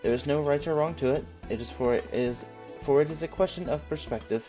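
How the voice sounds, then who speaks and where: A man voicing a calm, wise male elf guildmaster archer with a put-on British accent, reading game dialogue in a measured, formal way over faint game music. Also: fairly high pitch, lightly acted. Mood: reflective.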